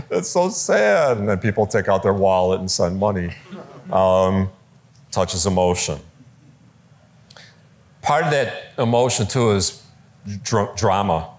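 A man giving a conversational talk on preaching to a live audience, lively, with fillers and quoted voices, in a large room. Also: sits low. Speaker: speaker teaching preachers.

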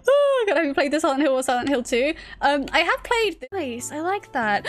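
A woman's voice: high-pitched, very animated, a little fast, hardly any pauses, a bit bright, soft background music. A woman streaming games live, chatting casually, giggling often and yelping when startled. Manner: giggly, rambling, easily startled.

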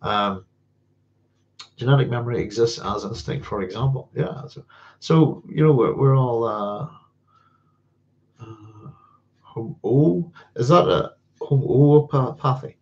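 A man's voice: medium pitch, slow pace, gravelly, pauses often, darkish tone. A man hosting a live science fiction Q&A, chatting casually and rambling, with many fillers and restarts and frequent chuckles. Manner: chuckles often. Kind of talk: casual livestream chat answering viewer questions. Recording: dull lo-fi sound.

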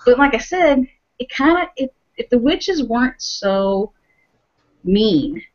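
A woman's voice: fairly high pitch, slow. Woman cohost gushing about a tv episode, lots of "like" and restarts, muffled lo-fi sound. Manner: animated retelling with many fillers and restarts. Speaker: podcast co-host. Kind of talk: casual podcast chat about a TV show. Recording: dull lo-fi podcast audio.

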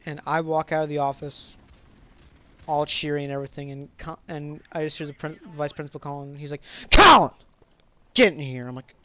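A man spins a casual story in a slightly high voice, leaning hard on fillers and the odd curse word. He trips over his words and restarts a lot, rambling along without much polish. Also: monotone, a little fast. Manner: rambling, filler-heavy, profane; stumbles and restarts often. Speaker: vlogger.

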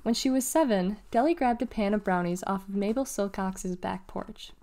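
A woman's voice: mid-range voice, normal speed, dark tone. Woman reading a children's novel aloud. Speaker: reader of children's books.

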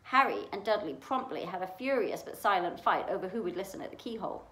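Library lady reading a chapter book out loud, lively pitch, echoey room. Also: quick pace. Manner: expressive, animated reading. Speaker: library storytime reader. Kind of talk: reading a novel aloud.

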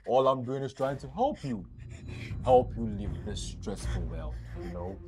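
A man's voice: medium pitch, sing-song, measured pace, creaky, music in the background. An actor with a Nigerian accent playing a menacing male kidnapper who taunts his captives. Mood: taunting. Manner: taunting, then erupting into shouts. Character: menacing male kidnapper with a mocking, unhinged temper. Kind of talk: Nollywood film acting.

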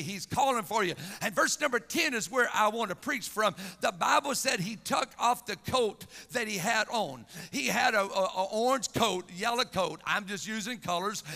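A male Southern preacher delivers a fervent revival sermon in a high, bright, gravelly voice, stumbling over repeated words before surging into shouts. He is recorded in a reverberant church sanctuary, with faint organ music behind him. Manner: fervent preaching, halting repetitions and shouted rises. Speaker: pastor.

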